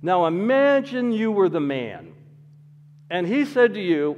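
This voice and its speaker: A pastor delivers a sermon with a fairly high male voice, rising loud and falling hushed as he tells his story. His voice rings out with a long reverb, as in a big church sanctuary. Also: measured pace, muffled recording, a little hiss or hum. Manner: animated storytelling with wide swings in loudness and pitch.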